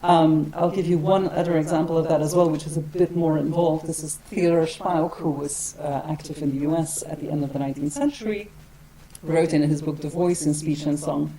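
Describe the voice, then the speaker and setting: A woman with a low, settled voice gives an academic lecture to a room full of people. She talks in a wry, digressive way and hedges often as she thinks aloud. The murmur of the audience is clearly heard behind her. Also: fairly even intonation, fairly quick, a crowd in the background, poor audio. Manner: wry, digressive, with frequent hedging asides.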